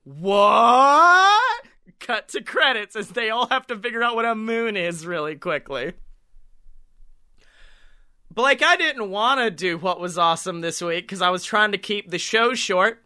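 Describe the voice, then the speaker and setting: A man co-hosting a podcast, improvising a story in a casual, animated way, laughing often and swearing freely. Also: sits high, moderate pace. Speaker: podcast co-host.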